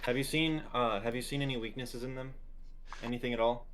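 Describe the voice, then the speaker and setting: A man's voice: medium pitch, fairly even intonation, a little fast, a bit bright, soft background music. A man playing a character in a tabletop game, laid-back and wry. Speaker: player.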